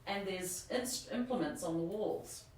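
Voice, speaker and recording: A woman co-hosting a live ghost hunt in an old inn, excitable and quick to exclaim at what she finds. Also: medium pitch. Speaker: ghost hunting co-host. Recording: echoey room, voice from far off, faint hiss.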